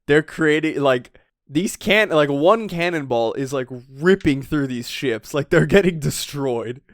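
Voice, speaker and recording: A man co-hosting a podcast, chatting excitably, laughing often and swearing casually. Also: on the high side, measured pace, no echo, studio quality. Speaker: podcast co-host. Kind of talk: casual chat recapping a manga chapter. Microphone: podcast microphone.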